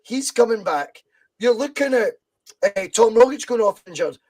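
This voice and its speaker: A man's voice: high voice, expressive, normal speed, darkish tone. A Scottish man hosting a football podcast, talking bluntly and swearing freely as he argues his opinions. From Scotland. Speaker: podcast host. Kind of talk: casual football podcast chat.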